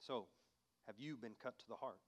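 A man preaching a sermon who reads scripture aloud and asks the listener direct questions. He swings between loud, emphatic passages and quiet, hushed appeals. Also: mid-range voice, normal speed. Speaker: pastor.

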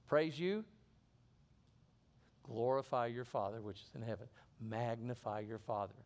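Earnest middle-aged preacher, medium voice. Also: male voice, mid-range voice, a little slow, darkish tone. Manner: earnest, repeats and restarts phrases. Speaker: pastor. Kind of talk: sermon.

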